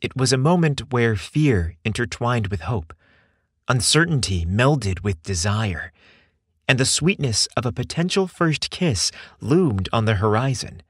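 A man reading a scripted story aloud with expressive, measured storytelling. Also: medium pitch, breathy edge, no room sound, studio quality. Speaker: narrator.

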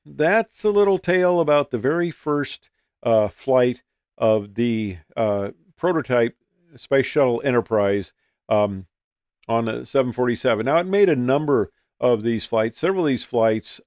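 A man's voice: medium pitch, measured pace, a little mellow, dry recording, clean studio sound. Older man telling a rambling pilot story. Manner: rambling, folksy, many fillers and restarts. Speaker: retired pilot telling stories. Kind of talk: casual storytelling.

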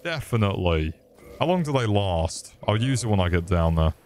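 A young British man giving live gameplay commentary, excitable and sweary as he chats with viewers. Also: fairly low pitch, normal speed, slight background noise. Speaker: streamer.

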